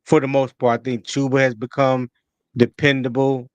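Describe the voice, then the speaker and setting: A man co-hosting a casual sports chat, musing in a laid-back, drawn-out way. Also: mid-range voice, flat delivery, clean tone, dry recording, muffled recording. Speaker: podcast co-host.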